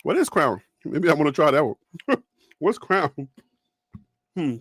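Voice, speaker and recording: A young man hosts a sports live stream from home, laughing often and talking right to his viewers. His voice sits high, and the sound is close and dry with no room echo. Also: very animated, measured pace, fairly bright tone, slightly rough. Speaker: sports show host. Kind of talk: casual live-stream chat.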